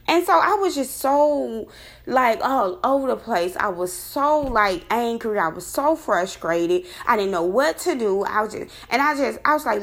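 A woman casually telling a personal story, rambling and animated, her voice jumping high when she recounts her disbelief. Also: a little slow. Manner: rambling with many fillers and restarts.

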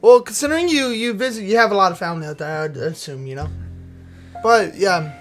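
A man's voice: sits high, a little fast, faint music behind. A young man in casual chat as a podcast co-host, telling rambling stories full of slang, fillers and swearing. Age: young adult.

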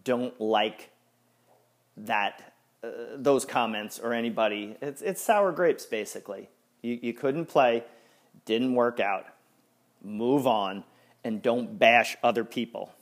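A man hosting a sports podcast in casual chat, ranting with exasperation and stumbling restarts. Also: takes it slowly. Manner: lively, swinging up and down in pitch. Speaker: podcast host.

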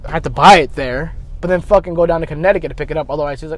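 A man telling a long profane story with lively put-on voices as he drives. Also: a little high, racing, few pauses, slight background noise. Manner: profane, rambling, animated retelling with put-on voices. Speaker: vlogger. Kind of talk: casual storytelling while driving. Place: in a car.

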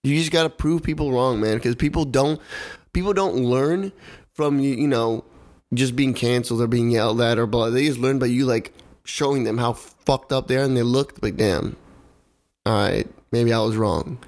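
A man's voice: medium pitch, normal speed, darkish tone. Heated young man ranting casually. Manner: heated, swearing, repeats himself for emphasis. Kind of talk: casual opinionated chat.

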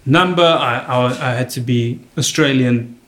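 Animated storytelling man in a roomy space. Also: unhurried. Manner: animated storyteller, jumps high when quoting people. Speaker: comedian telling stories. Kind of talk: casual chat.

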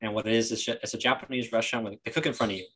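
A man's voice: medium pitch, fairly even intonation, racing, fairly bright tone, husky. A young man guesting on a podcast, telling a rambling family story with laughter and fillers. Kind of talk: casual chat.

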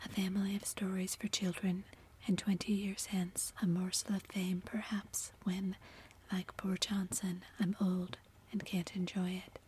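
A woman voicing a spirited, blunt young writer as a whispered role-play, in an even hush. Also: mid-range voice, a little slow, a little hiss or hum, lightly acted. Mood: wistful. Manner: whispered, exclaiming.

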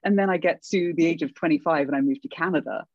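A middle-aged woman from England with a British accent, talking casually as an interview guest, lively and self-deprecating, laughing often. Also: deep voice, fast, husky, dry recording, highs cut off. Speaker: guest, legal academic.

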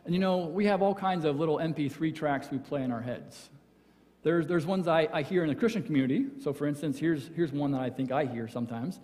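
A man preaching a conversational sermon as pastor, acting out quoted voices and dropping very soft for emphasis. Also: fairly high pitch, fairly quick. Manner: conversational, acts out quoted voices, drops to near whisper for emphasis. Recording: church hall with long reverb.

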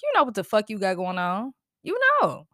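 A woman's voice: medium pitch, quick pace, no room sound, studio quality. Profane, fired-up woman podcast host. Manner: heated, profane, animated venting with laughs and sighs. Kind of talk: casual solo podcast rant.

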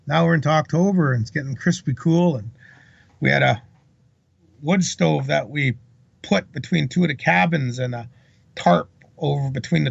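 A man with a heavily gravelly, husky voice pitched a bit high tells a long campfire-style story in a loose, rambling, salty way. The sound is dry and close, but dull and lo-fi. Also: no echo. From British Columbia, Canada. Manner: rambling, salty anecdotal retelling. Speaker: interview guest. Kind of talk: casual storytelling. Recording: dull lo-fi recording.

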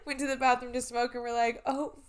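A woman's voice: fairly high pitch, level tone, fast talker, clean tone. A young woman in her twenties telling a story in casual chat, swearing, laughing and using lots of fillers.

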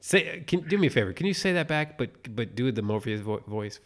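Guy co-hosting a podcast, animated, swears a lot, medium voice. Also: mid-range voice, fairly quick. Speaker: podcast co-host. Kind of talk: casual chat.

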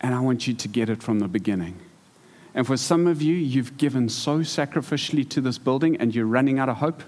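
A man preaching to a church congregation, telling stories in a lively way that stumbles and repeats words. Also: medium pitch, a little fast. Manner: storytelling, animated, repeats words. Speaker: pastor. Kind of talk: sermon. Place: church hall.

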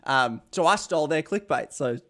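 Hosting his interview podcast, the young Australian man rambles, jokes at his own expense, and tosses in asides. His slightly high voice has a bright, forceful tone, lively intonation, and moderate speed.

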